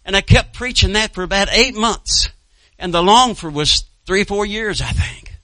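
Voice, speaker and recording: A man's voice: high voice, normal speed, pushed and bright, dry recording. A male pastor preaching a sermon and telling a personal story in a folksy way, calling out to his congregation and chuckling between lines.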